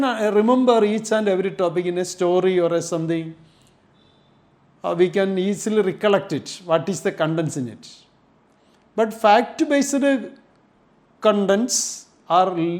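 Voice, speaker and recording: A man with a Kerala Indian English accent teaching an English class in a deliberate, unhurried way, often spelling words out letter by letter. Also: sits high, a little mellow. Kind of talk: live online class lecture.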